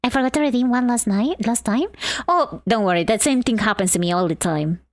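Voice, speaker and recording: A woman's voice: on the high side, animated, a little fast, no room sound. A woman from Argentina streaming live while drawing, chatting in a bubbly way and greeting her chat.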